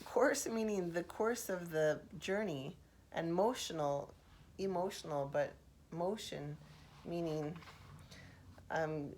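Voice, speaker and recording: Woman host, low and unhurried, soft-spoken ASMR musing with hushed murmurs. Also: slight background noise. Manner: reflective, thinking aloud with pauses.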